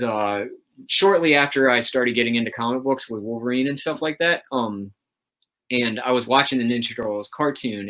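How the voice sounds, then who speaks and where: Hosting a laid-back livestream chat, a man with a mid-range, fairly bright voice talks about comics. His delivery is rambling and excited, full of filler words.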